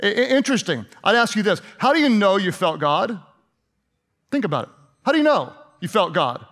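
A male pastor with a high voice for a man, preaching in a loose, conversational way. He turns sarcastic to make his points and stumbles over repeated words as he talks. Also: very animated, a little fast, a bit bright. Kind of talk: sermon.

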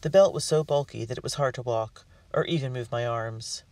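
A man narrating a storybook in the first person with an earnest, expressive delivery. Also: mid-range voice, brisk, no echo. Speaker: audiobook reader. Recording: dry, distant mic.

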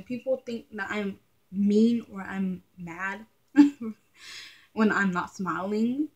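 A young adult woman talking casually to camera in her vlog, chatty and animated, often laughing. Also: medium pitch. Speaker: vlogger.

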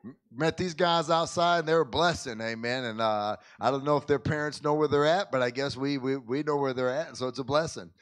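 Folksy pastor, dry close sound. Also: male voice, medium pitch, brisk, clear, resonant tone, no echo. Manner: folksy, repeats and restarts words often, says "man" and "amen". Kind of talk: informal church service talk and prayer. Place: church sanctuary.

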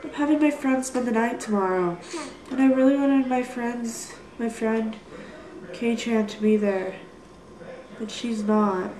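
A woman's voice: fairly high pitch, measured pace, dark tone, echoey room, poor audio. A young woman rambling through a casual vlog, apologizing often and putting herself down. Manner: rambling, apologetic, self-deprecating. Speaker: vlogger. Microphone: built-in computer mic.

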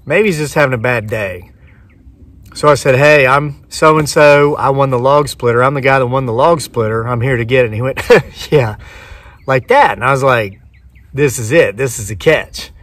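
A man's voice: mid-range voice, moderate pace, a bit bright, no room sound, recorded from a distance. A man in his forties, a homesteading vlogger, retelling a story to camera outdoors and acting out both sides of the dialogue. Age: 40s.

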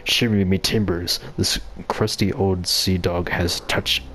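A man doing a gruff voice for a crusty old male pirate in a video game, drawing out his words slowly. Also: sits low, steady tone, a bit bright, slight background noise. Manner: gruff pirate talk, slow and drawn out.

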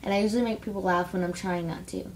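A woman's voice: medium pitch, steady tone, racing, slight background noise. Blunt rambling teen girl vlogger. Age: teens. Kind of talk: casual rant to camera.

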